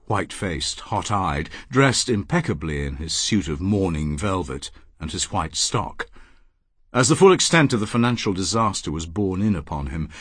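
A man narrating an audiobook with a husky, low voice that moves widely in pitch. His reading is expressive and dramatic. He is heard dry and close on a studio mic. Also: no echo.

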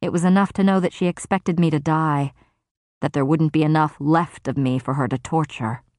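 Audiobook narrator, woman, low register, measured grave delivery, dry close-miked booth. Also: fairly even intonation, a little mellow, dry recording. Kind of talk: first-person fantasy novel narration.

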